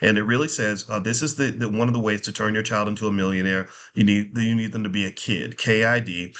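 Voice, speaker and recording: A middle-aged man hosting a casual finance monologue, animated and preacherly, repeating phrases for emphasis. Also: fairly low pitch, a little fast, hardly any pauses. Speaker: finance educator and show host.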